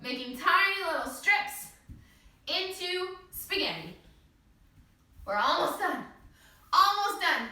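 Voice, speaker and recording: A woman leads a children's yoga class, her high, bright voice bouncing through lively swoops as she cheers the little ones along. She sounds a few steps back from the mic in a strongly echoing room. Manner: playful, encouraging, sing-song. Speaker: kids yoga teacher. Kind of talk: guided kids yoga class with pretend play. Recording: echoey room, voice from a distance.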